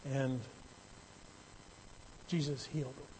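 A man's voice: mid-range voice, little pitch movement, takes it slowly, darkish tone, a little hiss or hum, poor audio. A man preaching a sermon in a conversational way that builds into emphatic, raised passages. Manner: conversational, rising to emphatic bursts. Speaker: pastor.

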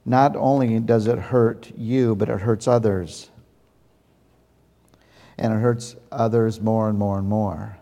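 Slow, mellow-voiced man preaching. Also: fairly low pitch, fairly even intonation, creaky. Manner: slow, deliberate, stresses key words. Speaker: pastor. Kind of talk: sermon. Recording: long hall reverb.

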